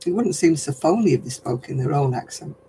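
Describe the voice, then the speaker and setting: Chatty older man, slightly high voice. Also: expressive, a little fast, mellow, slight background noise, rough recording. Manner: rambling, chatty, laughs often. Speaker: host. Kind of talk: casual livestream chat.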